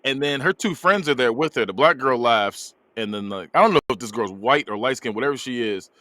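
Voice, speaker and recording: A man hosting a podcast, recapping a movie plot in a casual, animated way and laughing often. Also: mid-range voice, no echo. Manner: animated storytelling, laughs often, drops quick character voices. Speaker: podcast host reviewing a movie.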